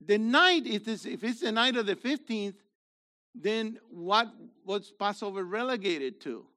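A male congregation leader preaching with a high, lively voice that swoops up and down. He questions his listeners directly and presses his points with emphatic force. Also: measured pace. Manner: animated, rhetorical questions to congregation, rises to emphatic shouts. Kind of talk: sermon.

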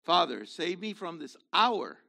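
A man in his seventies with a worn, gravelly voice, preaching a fiery sermon that swings from low murmurs to shouts. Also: sing-song, measured pace. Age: 70s. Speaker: messianic rabbi.

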